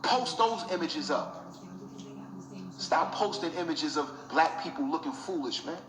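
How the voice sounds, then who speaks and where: A young man speaks with raw emotion, hammering the same points again and again like a street preacher. His voice sits high for a man. The room around him rings with echo. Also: lively intonation, measured pace, a bit bright. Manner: emotional, preachy, repeats himself. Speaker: vlogger. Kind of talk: impassioned talk to camera. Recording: echoey room.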